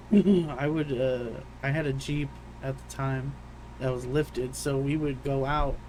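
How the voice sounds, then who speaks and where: A man's voice: medium pitch, fairly even intonation, slow pace, a little mellow, slight background noise, low-quality recording. A young man co-hosting a podcast in casual chat, laid-back and calling everyone "dude". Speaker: podcast co-host.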